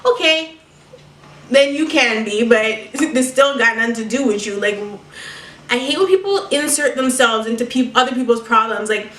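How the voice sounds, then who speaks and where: A woman's voice: on the high side, expressive, moderate pace, a bit bright, recorded from a distance. A young woman vlogger telling a story with sass, profanity and laughter, recorded at home. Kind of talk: storytime vlog. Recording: echoey room, mic set back.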